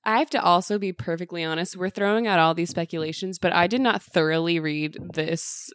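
A woman's voice: on the low side, fairly quick, fairly bright tone, smooth, dry recording. A woman hosting a casual chat about a study, talking in a chatty way with many fillers.

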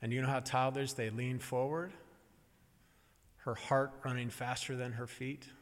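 A middle-aged man tells a story on stage in a lively, animated way. He pauses for effect and acts out the voices he quotes. His voice carries a long reverb from a large hall. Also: medium pitch. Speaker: speaker telling a family story to an audience.

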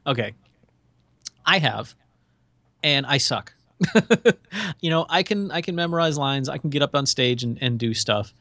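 A man co-hosting a podcast, chatting casually and telling stories with lively, acted-out quotes. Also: medium pitch, measured pace, pauses often, no echo. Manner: animated storyteller, acts out quotes in shifting voices. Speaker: podcast co-host. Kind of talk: casual chat.

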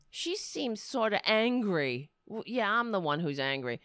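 A woman commentator ranting with scorn and biting sarcasm. Her pitch rises and falls widely as she presses each point, and she takes her time. The sound is close and dry. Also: expressive, unhurried, hardly any pauses, a bit bright, clear, resonant tone, dry recording. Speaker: political commentator. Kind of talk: angry commentary rant.

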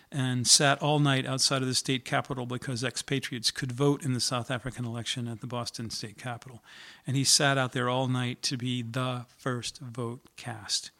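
A middle-aged man speaks in a flat, even tone, earnest and reflective. He pauses now and then with small fillers as he tells his story, like a singer-songwriter talking between songs. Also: medium pitch. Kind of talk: spoken story about writing a song.

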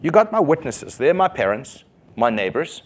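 A man preaching in the voice of a healed beggar who has nothing to lose. He answers back boldly with a sarcastic bite, his pitch leaping up and down. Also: very animated, moderate pace. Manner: defiant and sarcastic.

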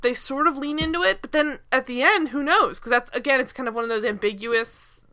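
Bright, crisp-voiced woman recapping TV. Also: sits high, a little fast. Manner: rambling, many fillers and asides. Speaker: podcast host. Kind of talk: casual TV recap chat.

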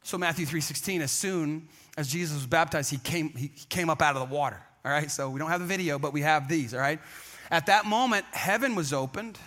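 Man, pastor, sermon, high voice, bright tone, chatty, emphatic, acts out quotes. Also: brisk. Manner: energetic, emphatic storytelling.

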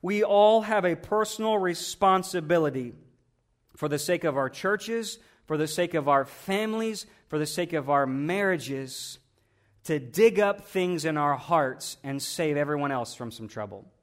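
A man's voice: a little high, lively intonation, a little slow. A man pastor preaching a sermon in a conversational way, asking rhetorical questions and often repeating his words.

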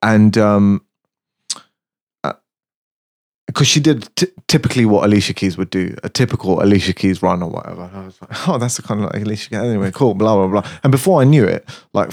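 A man's voice: fairly low pitch, darkish tone. A man who works as a studio engineer, telling stories in a casual interview with many fillers and frequent laughs. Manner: laid-back, anecdotal, laughs often, many fillers. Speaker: music studio engineer, guest.

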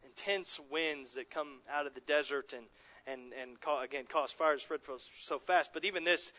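A man preaching a sermon in an earnest way, with frequent restarts and soft chuckles. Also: fairly high pitch, moderate pace. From Southern California. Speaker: pastor.

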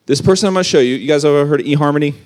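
A man giving a casual youth sermon, conversational and animated with everyday slang. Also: a little high, very fast. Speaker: youth pastor.

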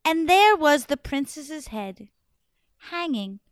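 A woman telling a folk tale to an audience in an expressive, playful way, with dramatic pauses. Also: high voice, no room sound, studio quality. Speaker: storyteller. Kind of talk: animated storytelling to an audience.

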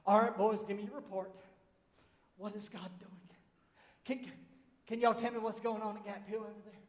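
A man with a Southern US accent voicing Satan as a scheming boss who gives orders to his demons in a low, drawling voice, recorded in an echoey hall. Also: flat delivery, moderate pace, natural voice.

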